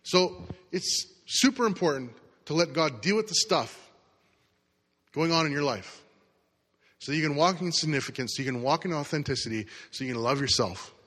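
A middle-aged pastor delivers a sermon as relaxed, conversational storytelling, acting out quotes along the way. His voice is a little high for a man, bright and forceful, at a normal speed. A long hall reverb colors the sound.

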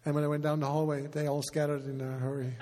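Halting pastor in an echoing church. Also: male voice, a little high, flat delivery, mellow. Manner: halting, emotional, with light humor. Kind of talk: heartfelt address to congregation. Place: church sanctuary. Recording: long reverb of a large hall.

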